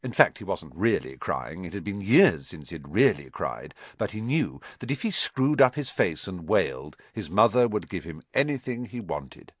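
A man narrating a children's storybook audiobook with an expressive, dramatic reading. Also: low-pitched, moderate pace, hardly any pauses, dry recording.

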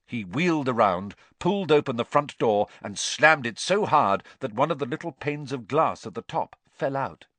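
Man reading a storybook out loud, lots of ups and downs, bright dry sound. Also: mid-range voice, moderate pace, few pauses, no echo. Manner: expressive, lively reading. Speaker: audiobook narrator. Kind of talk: scripted storybook narration.

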